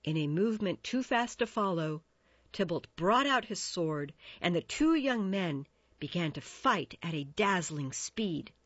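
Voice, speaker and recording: A woman narrating a storybook tale in a measured, expressive way. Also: on the low side, no echo. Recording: dull dry recording.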